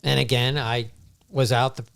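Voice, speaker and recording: A man's voice: mid-range voice, flat delivery, moderate pace, gravelly, a bit bright, smooth. A man hosting a casual podcast, telling a long, rambling anecdote full of restarts. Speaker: toy shop owner and podcast host.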